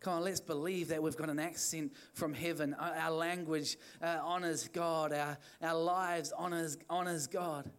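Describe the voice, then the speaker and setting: A man's voice: a little high, steady tone, normal speed, few pauses, fairly bright tone, smooth. A man preaching an evening church sermon, urging the listeners on in fervent, repetitive phrases. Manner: fervent, repetitive exhortation with restarts. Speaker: pastor.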